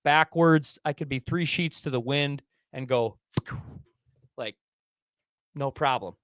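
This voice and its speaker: Man telling a lively hunting story. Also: mid-range voice, takes it slowly, dry recording. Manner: animated, swears, acts out his own inner voice. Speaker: podcast co-host. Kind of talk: casual storytelling.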